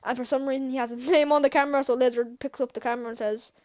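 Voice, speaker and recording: A woman with a high-pitched voice talks through a movie scene by scene in a loose, casual vlog. She hesitates often, restarts her sentences and fills gaps with little words. She keeps chuckling to herself as she goes. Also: steady tone, rapid-fire, darkish tone. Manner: rambling, hesitant, many fillers and restarts. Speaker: channel host, film reviewer.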